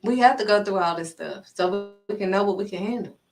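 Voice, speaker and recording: A woman giving a casual inspirational faith talk as a vlogger, animated and acting out dialogue as she speaks. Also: mid-range voice, fairly quick, far from the mic, faint music behind, poor audio. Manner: animated, acts out quoted dialogue.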